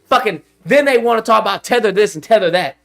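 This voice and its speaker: A man's voice: high voice, lively intonation, quick pace, gravelly, fairly bright tone. A man hosting his own channel, delivering a heated, profane, confrontational rant straight to his audience. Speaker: channel host. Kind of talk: ranting commentary to camera.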